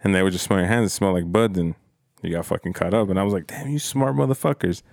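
A man telling a high school story in a laid-back way on a podcast, swearing often and using lots of fillers. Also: steady tone, quick pace, darkish tone, no echo, clean studio sound. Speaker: podcast guest. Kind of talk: casual storytelling chat.

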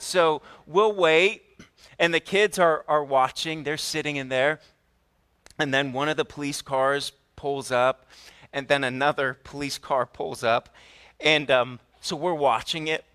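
A man preaching a sermon, telling a family story in an animated way and putting questions to the congregation. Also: a little high, measured pace. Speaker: pastor.

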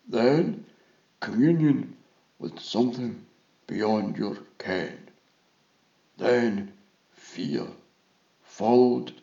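A man voicing a cheery, confident male vizier who talks slowly and brushes off fears. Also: medium pitch, a little mellow, roomy sound, highs cut off.

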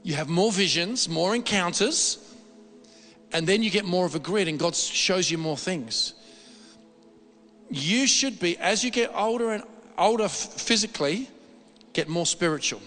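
A man preaching a sermon in a church hall, animated and repetitive, often restarting his sentences. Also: high-pitched, unhurried, long pauses, soft background music. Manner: animated, repetitive, excitable delivery with frequent restarts. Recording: long reverb of a hall.

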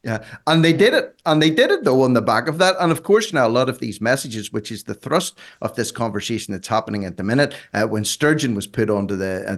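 A man hosting a talk show, chatting casually and mocking with theatrical emphasis. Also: medium pitch. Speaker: radio show host.

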